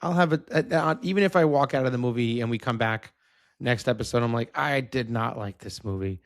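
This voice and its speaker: A man's voice: medium pitch, no echo. Easygoing man, podcast co-host. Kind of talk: casual chat.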